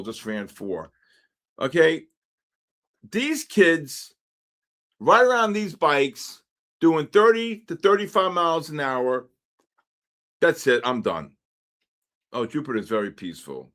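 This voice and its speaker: This New York trading livestream host has a fairly high voice and takes things slowly, with long pauses. He chats casually while trading live, rambling and wisecracking, telling animated stories between market calls and tossing asides to chat.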